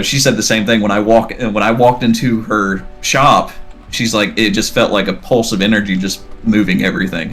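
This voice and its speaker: A man's voice: lowish voice, a bit bright. A man telling a long, rambling story in casual podcast chat, acting out the dialogue as he goes. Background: faint background music.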